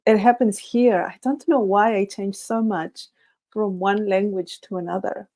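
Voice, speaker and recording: A woman whose first language is Spanish, hosting a casual livestream, talking in a halting, nervous way with many restarts. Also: medium pitch, steady tone, warm tone. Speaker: livestream host.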